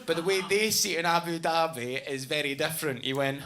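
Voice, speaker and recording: A man's voice: a little high, fairly quick, sharp tone. A man doing stand-up on a club stage, telling a self-mocking story in a chatty way and acting out the people in it. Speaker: stand-up comedian. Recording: live club recording with noise.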